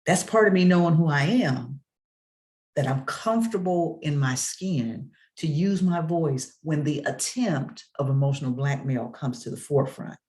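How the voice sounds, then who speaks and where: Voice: medium pitch, expressive, normal speed, a little mellow. A motivational speaker in a preacher-like style, emphatic and rhythmic, repeating key phrases as refrains and calling out to the listeners. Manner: rhetorical, calls out to listeners.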